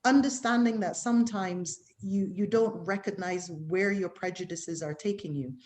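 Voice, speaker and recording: A woman's voice: mid-range voice, normal speed, a little mellow. A middle-aged woman from the West Indies with a West Indian accent, speaking candidly as an interview guest and acting out other people's remarks in quoted voices. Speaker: guest physician.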